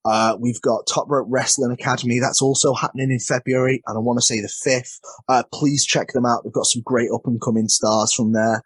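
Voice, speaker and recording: Guy, wrestler guest, mid-pitch voice, dry close sound, rambling and self-mocking. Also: little pitch movement, brisk, hardly any pauses, husky, dry recording. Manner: rambling, self-deprecating, stumbles over words. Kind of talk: casual interview storytelling.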